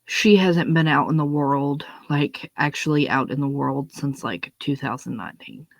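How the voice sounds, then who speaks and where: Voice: medium pitch, moderate pace, gravelly, dry recording. A young adult giving a blunt, profane, unscripted rant, hammering points home with repetition. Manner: blunt, profane, emphatic, repeats words when stressing a point. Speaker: monologue speaker. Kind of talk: unscripted ranting monologue.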